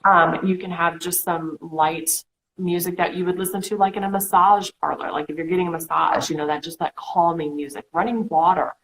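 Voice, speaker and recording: Low-voiced woman coaching casually. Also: a little fast, poor audio. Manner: animated, talks through examples with okay and you know. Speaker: co-host.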